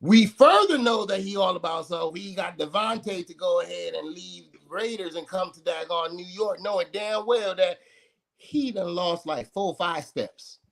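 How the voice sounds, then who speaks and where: A man's voice: high-pitched, moderate pace, creaky, fairly bright tone. A man on a sports podcast panel giving blunt, emphatic, profane opinions. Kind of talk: casual sports chat.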